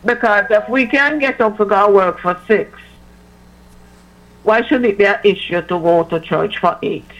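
A woman's voice: medium pitch, moderate pace, highs cut off. A woman with a Jamaican accent chatting casually with a friend, teasing and insistent, slipping patois into her speech. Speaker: church member. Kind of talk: casual chat between friends.

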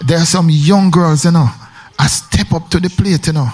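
A man's voice: fairly high pitch, steady tone, moderate pace, darkish tone, breathy edge. A man with a Jamaican accent chatting casually on the radio, rambling and emphatic with many repetitions. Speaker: radio host.

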